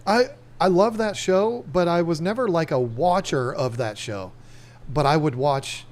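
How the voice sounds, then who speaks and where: Chatty man with a slightly high voice. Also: unhurried. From Northern Virginia. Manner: animated storyteller, laughs often, slips into voices. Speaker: podcast host. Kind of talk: casual livestream chat.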